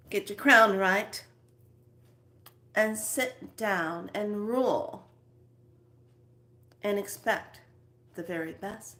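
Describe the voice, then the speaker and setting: A woman speaks to her viewers in an unhurried spiritual self-help talk. Her voice sits at a middle pitch, and she often sinks into a soft whisper before coming back up. She moves at a slow, deliberate pace. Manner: slow, drifting between soft whispers and lively acted asides.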